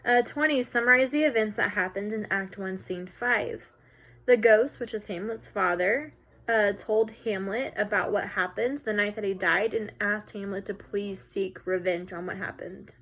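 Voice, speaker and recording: A woman teacher casually walking students through a recorded lesson, talking in a relaxed way with some filler words. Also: medium pitch, normal speed.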